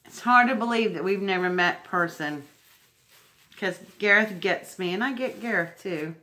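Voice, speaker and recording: A woman's voice: medium pitch, moderate pace, sharp tone. A woman unboxing craft mail at home, gushing and emotional. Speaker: crafting vlogger. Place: home indoors.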